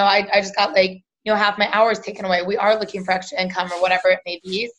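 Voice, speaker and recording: A woman's voice: mid-range voice, a bit bright, muffled recording. A woman hosting an unscripted live Q and A, chatty and full of fillers, acting out quoted conversations. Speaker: team leader hosting a live Q and A. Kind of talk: unscripted live coaching chat.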